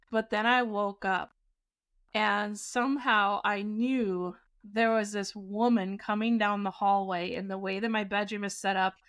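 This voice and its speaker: A woman in her forties, a podcast co-host, telling a scary personal story in a casual, animated way, often laughing. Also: mid-range voice.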